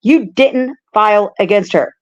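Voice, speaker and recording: A woman's voice: medium pitch, unhurried, lightly acted. A woman voicing a curt, stern female judge who repeats her orders. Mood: firm. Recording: muffled lo-fi audio.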